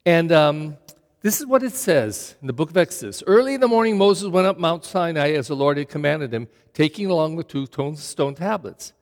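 Male pastor preaching, high lively voice, dramatic scripture reading, long church reverb. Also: normal speed. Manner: animated preaching, reads scripture aloud with dramatic emphasis. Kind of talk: sermon.

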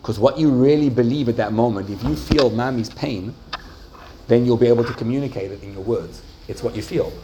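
A man teaching a religious class to students, pressing them with questions and slowing down to make his point. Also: mid-range voice, noisy background. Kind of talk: interactive Jewish class.

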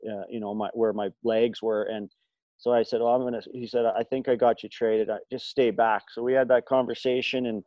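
A man's voice: mid-range voice, flat delivery, brisk, no room sound. A middle-aged man spins long, rambling stories in casual chat, circling back through fillers and false starts. His voice sits mid-range. The sound is dry and a little dull. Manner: rambling, many fillers and restarts. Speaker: podcast guest, former hockey player. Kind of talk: casual storytelling.

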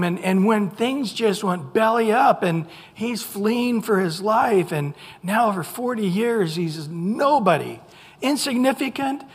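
Husky preacher in an echoing hall. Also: mid-range voice. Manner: animated, with frequent restarts and rhetorical questions. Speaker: pastor. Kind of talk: sermon. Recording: long hall reverb.

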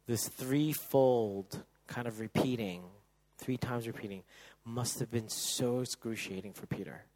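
A male pastor preaching a sermon, moving from loud emphatic bursts to soft, hushed passages. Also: mid-range voice, measured pace, low-quality recording.

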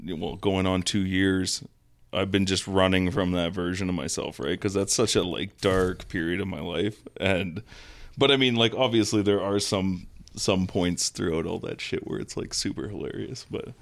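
A young man with a low, gravelly voice tells a rambling story in casual podcast chat. He swears freely and laughs at himself as he goes. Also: steady tone, normal speed. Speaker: guest, band member.

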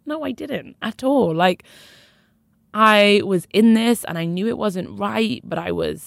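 A woman's voice: mid-range voice, very animated, measured pace, creaky, no room sound. A young woman frankly telling her own story as an interview guest, emphatic and conversational. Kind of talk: candid personal storytelling.

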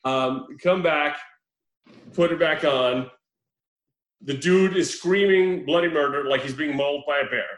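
A man hosting a casual podcast chat, telling a story in an animated way, laughing often and swearing freely. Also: a little high, unhurried, pauses often. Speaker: podcast host reviewing a film. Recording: roomy echo.

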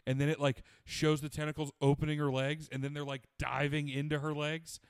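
A man's voice: a little high, brisk, clear, resonant tone, no echo, clean studio sound. A man chatting casually and crudely, animatedly retelling a show and quoting its characters. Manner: profane, animated retelling with quoted voices.

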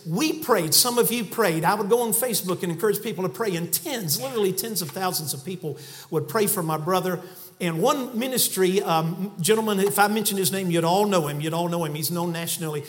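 Man preacher with a high voice, folksy anecdotes rising to fervent pulpit emphasis. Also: a bit bright. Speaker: guest preacher. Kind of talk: sermon. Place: church sanctuary pulpit.

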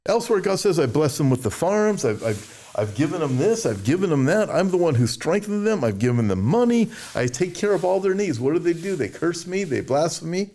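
A man's voice: very animated, moderate pace, darkish tone. Emphatic male preacher, mocking asides. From United States. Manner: mimics complainers in a whiny high voice. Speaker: show host. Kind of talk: sermon with Bible reading.

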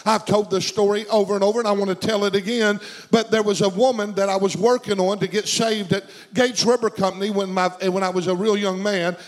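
A high-pitched man delivers a storytelling sermon. He circles back on his phrases and builds fervor as he preaches, in the manner of a middle-aged pastor. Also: fairly even intonation, a little fast, few pauses, low-quality recording. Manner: storytelling preacher, fervent and repetitive.

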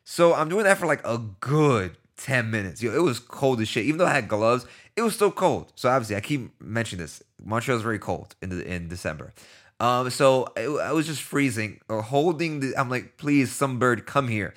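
A man's voice: medium pitch, sing-song, normal speed, a bit bright. A man from the United States telling a casual, profane story in a chatty way, acting out his own lines of dialogue.

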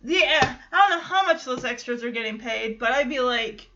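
A woman's voice: sits high, animated, moderate pace, sharp tone, highs cut off, slight background noise. A woman hosting a podcast, recapping a TV episode in a chatty, amused way with frequent laughter. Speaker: podcast host.

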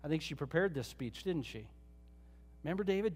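A pastor preaching a sermon, retelling a Bible story in a conversational way with joking asides. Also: male voice, on the high side, lively intonation, a little fast, long pauses, a little mellow, husky, big-room sound.

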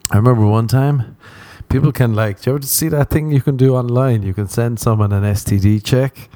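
A man's voice: mid-range voice, a little fast, mellow, dry recording, studio quality. A young man hosting a podcast, rambling through a crude comic monologue and laughing at his own jokes. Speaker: podcast host.

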